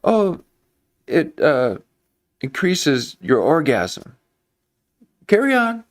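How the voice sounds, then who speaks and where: A woman in a nurse costume shrugs off alarm with falsely soothing calm, as a man voices her. Her voice is lifted high and kept breezy. The reassurance sounds easy and careless. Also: very slow, heavily acted. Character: smooth-talking woman in a nurse outfit.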